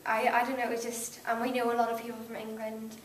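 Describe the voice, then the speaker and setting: A woman's voice: fairly high pitch, monotone, fast talker. A young woman with a Northern Irish accent, chatting playfully as an actress guest in a casual interview. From Northern Ireland. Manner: giggly, playful, self-deprecating. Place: convention venue. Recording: echoey, picked up from a distance.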